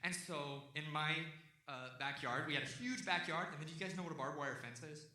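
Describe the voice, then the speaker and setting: A young man from Texas telling a long stand-up story on stage, jumping into loud shouted voices for the people in it. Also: on the high side, a little fast. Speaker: stand-up comedian. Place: comedy stage before a live audience. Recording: echoey venue heard from a distance.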